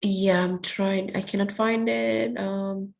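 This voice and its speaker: Casting: woman teacher, encouraging and quick with praise, mid-range voice, runs an online class. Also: medium pitch, fairly even intonation, gravelly, darkish tone. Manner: encouraging, praises often, switches to Spanish. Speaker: English teacher.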